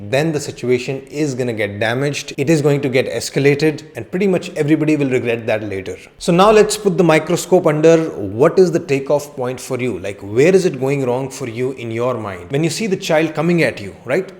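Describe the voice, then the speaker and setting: Man talking calmly to camera. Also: mid-range voice. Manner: direct, conversational, uses rhetorical questions. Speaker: counselling psychologist. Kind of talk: educational talk to camera.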